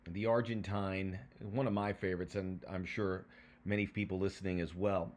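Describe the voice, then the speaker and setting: A man hosting a podcast, chatting casually and telling stories in a lively way, then reading a prepared segment. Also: low voice, normal speed. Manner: lively, animated storyteller. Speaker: podcast host.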